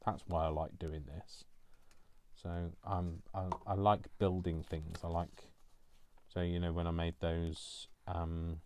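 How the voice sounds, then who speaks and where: A man's voice: sits low, little pitch movement, slow pace, background noise. A man talking casually while he crafts, rambling and teasing himself along the way. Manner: rambling, self-mocking asides. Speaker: craft vlogger.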